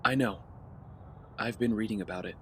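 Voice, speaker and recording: A man's voice: fairly low pitch, moderate pace, pushed and bright. Guy playing an earnest rich kid, easygoing mid voice, faint hiss. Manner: earnest, conciliatory. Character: earnest rich young man, apologetic. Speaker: wealthy heir. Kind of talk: audio drama acting.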